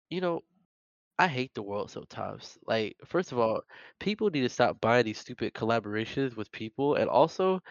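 With a medium pitch and noticeable vocal fry, a young man trades casual banter as a podcast co-host, spinning rambling, animated stories with lots of laughs and restarts. The lo-fi recording sounds muffled, with no echo.

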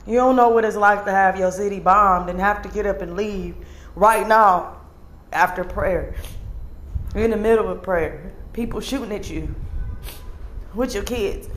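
A woman's voice: mid-range voice, moderate pace, fairly bright tone, slight background noise. A woman giving an earnest, emotional confessional monologue to camera, speaking bluntly and sometimes swearing. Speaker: vlogger.

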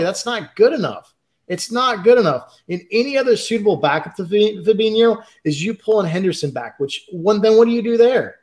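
Fan pundit: man, high-pitched, heated rant, cursing. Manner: frustrated, ranting, swears. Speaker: podcast co-host. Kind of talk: heated football fan chat.

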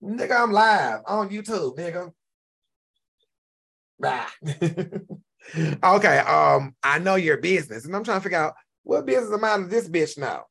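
A man in his forties hosting a casual live-stream rant, animated and profane, repeating himself and now and then breaking into shouts. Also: high-pitched, measured pace, vocal fry, pauses often, slightly rough. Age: 40s. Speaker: YouTube commentary host.

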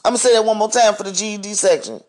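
A man's voice: high voice, rapid-fire. A man hosting a podcast, speaking in a blunt, profane, heated monologue rant. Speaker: podcast host. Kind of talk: ranting monologue.

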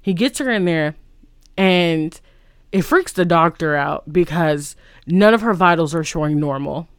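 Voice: mid-range voice, lively intonation, unhurried, smooth, dry recording, clean studio sound. A vlogger casually retelling a film plot, rambling and full of "like" and restarts.

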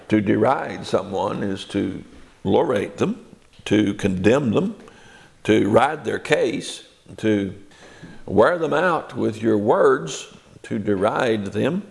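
A man's voice: medium pitch, creaky. An older man teaching the Bible in a sermon, reading verses aloud and explaining them with rising emphasis. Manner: expressive preaching, reads scripture aloud with rising emphasis.

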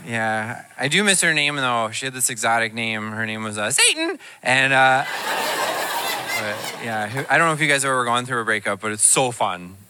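A man doing a stand-up comedy set, telling self-deprecating stories in an animated way. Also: mid-range voice, moderate pace, very noisy.

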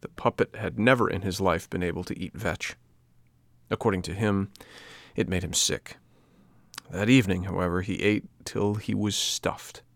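A man narrating a storybook in a measured, even way. His voice sits low. The sound is dry and close. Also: dry recording. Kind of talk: storybook reading.

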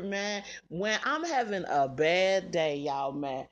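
Chatty woman vlogger, lowish voice. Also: very animated, takes it slowly. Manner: chatty, addresses viewers as "y'all", laughs through her words. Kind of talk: casual chat to viewers.

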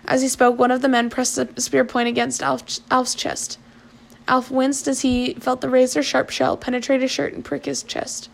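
A woman reading a novel aloud in a plain, steady way, with small slips and restarts. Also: high-pitched, moderate pace, vocal fry. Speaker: narrator.

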